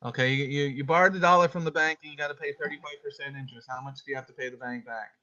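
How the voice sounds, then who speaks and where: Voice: mid-range voice, fairly even intonation, very fast, bright, forceful tone. A teacher running an online homeschool class over a video call, playfully calling on students by name and reading scripture aloud. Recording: dull lo-fi call audio.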